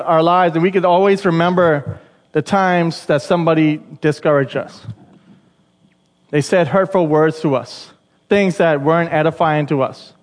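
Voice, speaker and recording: A man's voice: on the high side, in a large hall. A Bahamian man preaching a sermon, chatty and conversational, with asides to the congregation. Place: church.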